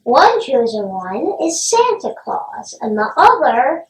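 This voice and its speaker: A woman co-hosting a comedic movie review podcast, playful and quick to jump in. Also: sits high, sing-song. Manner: playful, eager interjections. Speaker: podcast co-host. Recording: echoey room, distant mic.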